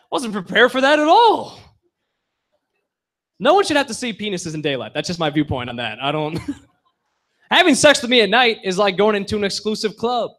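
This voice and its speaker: A young man doing a stand-up comedy set on a bar stage, with punchy deadpan delivery that drops low for asides.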